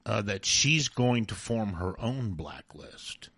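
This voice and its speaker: A man's voice: fairly low pitch, expressive, takes it slowly, a bit bright, slightly rough, no room sound, clean studio sound. A man co-hosting a radio talk show, rambling through stories and chuckling as he talks. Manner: rambling, storytelling, laughs mid-sentence. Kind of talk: casual sports and TV chat.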